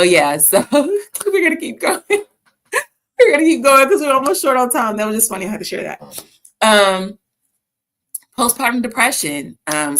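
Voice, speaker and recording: A woman from the American South hosting a casual faith talk, telling stories in an animated way with frequent restarts. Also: deep voice. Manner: animated storytelling with laughs and restarts. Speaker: host.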